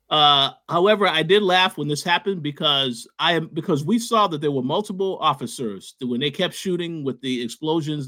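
A man's voice: fairly high pitch, sharp tone. A man in a casual TV recap chat who jumps in eagerly with his own comments. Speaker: podcast co-host.

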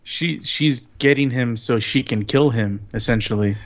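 A man co-hosting a casual chat, offering relaxed, halting commentary. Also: medium pitch. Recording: slightly dull lo-fi sound.

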